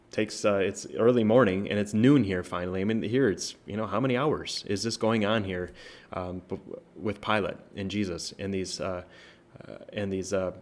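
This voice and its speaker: A man speaking as a pastor, walking through a Bible passage in a loose, conversational way, full of fillers and tag questions. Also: on the low side. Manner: prays softly at the close. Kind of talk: informal Bible teaching.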